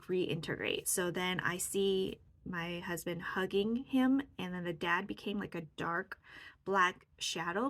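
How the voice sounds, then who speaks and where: A woman casually recounting a personal experience to the camera, halting and reflective as she searches for words. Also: mid-range voice, gravelly, fairly bright tone. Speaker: vlogger sharing a personal session.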